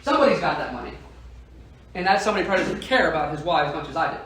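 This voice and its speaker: A man's voice: a little high, big pitch swings, racing, a bit bright, a little hiss or hum. A man giving a motivational sales training talk to insurance agents, emphatic and constantly checking in with "right?". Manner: emphatic, keeps asking "right?" to the audience. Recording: echoey room, heard from a distance.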